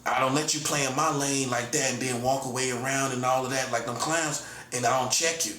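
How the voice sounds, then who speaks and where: A man's voice: medium pitch, steady tone, brisk, sharp tone, a little hiss or hum. Combative man in his forties, echoey room. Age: 40s. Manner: repetitive, combative, keeps calling the listener "buddy". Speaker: self-styled prophet giving a monologue. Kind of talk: confrontational spoken monologue. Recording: roomy echo, faint background ambience.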